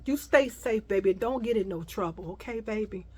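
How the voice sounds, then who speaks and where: A woman voicing a kindly little old lady on a bus, soft and motherly. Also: medium pitch, moderate pace, breathy edge, lightly acted. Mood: gentle.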